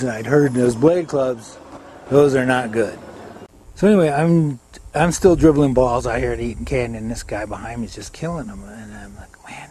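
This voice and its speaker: An older man from the United States tells rambling golf stories in a casual interview, chuckling now and then. His voice is mid-range with a darkish tone, over slight background noise.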